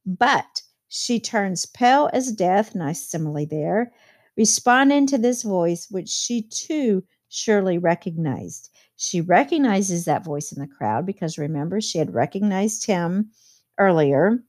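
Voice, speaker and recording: A woman's voice: medium pitch, expressive, measured pace, a little mellow. A woman teacher explaining a novel chapter to her students, reading quotes aloud and adding plain commentary.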